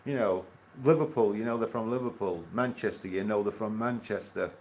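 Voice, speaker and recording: A man hosting a casual astronomy livestream, rambling and halting with many fillers and chuckles. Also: on the low side, darkish tone, slight background noise.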